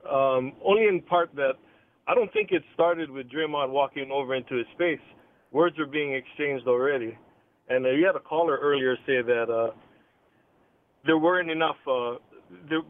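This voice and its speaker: A man calling in to a sports radio show, talking with many hesitant fillers. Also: on the high side. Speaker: caller. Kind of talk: call-in radio talk. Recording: tinny phone line.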